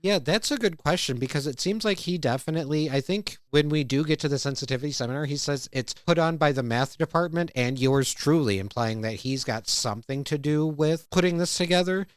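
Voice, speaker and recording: A man's voice: on the high side, brisk, few pauses, clean tone, dry recording. Man casually recapping an episode. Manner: retells scenes, acting out quoted lines. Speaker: podcast host. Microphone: studio mic.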